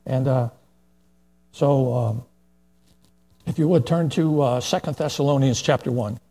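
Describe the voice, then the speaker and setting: A man's voice: mid-range voice, a little slow, dark tone, husky. An older man preaching a plain-spoken, folksy verse-by-verse sermon, with asides and fillers as he reads scripture.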